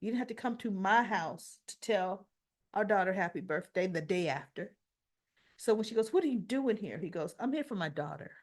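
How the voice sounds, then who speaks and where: A woman's voice: mid-range voice, moderate pace. A woman recapping a soap opera episode in a casual way, acting out the characters' lines and scolding them with her own commentary. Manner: animated retelling, acts out lines and scolds characters.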